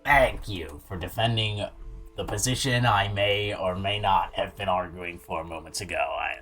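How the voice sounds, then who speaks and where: A man's voice: deep voice, normal speed, a bit bright, faint music behind. A man chatting casually, rambling and joking with friends. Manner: rambling, playful, husky. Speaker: co-reader. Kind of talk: casual chat.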